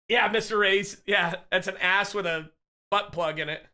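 A sick male streamer riffs excitedly with his chat while he plays, swearing freely and joking. His voice sits high and comes out very bright and sharp. The talk is loose and rowdy throughout. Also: moderate pace. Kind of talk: casual live-stream chat while gaming.

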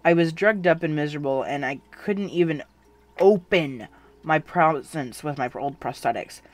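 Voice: mid-range voice, moderate pace, natural voice. A narrator voicing the listener's own character, a sarcastic, self-mocking young cyborg with a prosthetic hand, in a fan fiction audiobook reading. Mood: wry.

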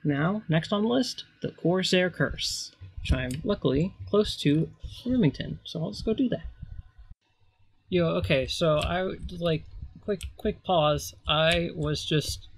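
Guy rambling slowly over his game, sarcastic, bit high voice, dry mic. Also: animated. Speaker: game let's player. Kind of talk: casual gameplay commentary.

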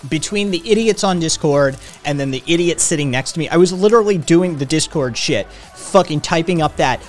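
Streaming live from home, a man rants profanely and chats with his viewers. His voice is a little high and a little fast, with hardly any pauses, and soft music plays in the background.

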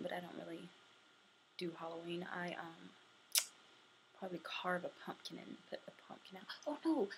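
A young woman chatting casually to camera, answering questions for a tag video, sometimes dropping to a soft murmur. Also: lowish voice, vocal fry, slight background noise, low-quality recording. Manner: chatty, drifting between soft murmurs and bright bursts.

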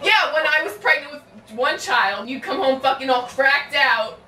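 A woman's voice: high-pitched, animated, a little slow, sharp tone, heavily acted. A woman playing a fed-up wife who scolds and swears at her husband. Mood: accusing. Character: fed-up, sharp-tongued wife. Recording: roomy, distant home-video sound with faint noise.

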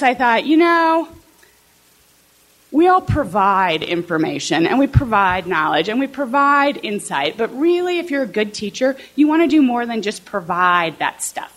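Talking conversationally to other teachers, this woman, a political science professor from southern Illinois, USA, frequently checks in with her listeners. She speaks in a slightly high voice with a fairly bright tone.

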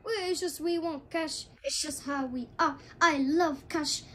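A woman's voice: high voice, a little slow, sharp tone, slight background noise. A woman doing a stammering cashier with a put-on Chinese accent. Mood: evasive. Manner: hesitant, full of uhs, apologetic. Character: cash-loving restaurant cashier, evasive.

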